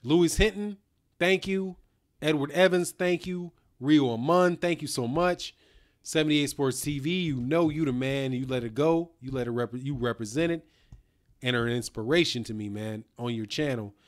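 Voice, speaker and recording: A man's voice: on the high side, moderate pace. A man hosting a casual live stream, talking loosely in slang, reading out viewer comments and a little tipsy from whiskey.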